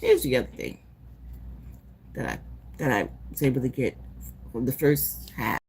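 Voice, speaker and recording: A woman live-streaming casually, retelling a movie in an animated, profane, rambling way. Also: rumbling low, normal speed, breathy edge. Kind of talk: casual chat recapping a movie.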